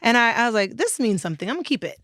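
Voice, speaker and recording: A woman in her thirties chatting as a guest on an interview podcast, telling stories with lively acted-out voices. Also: on the high side, racing, no echo, clean studio sound. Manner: lively storyteller, acts out voices and laughs often. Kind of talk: casual interview chat.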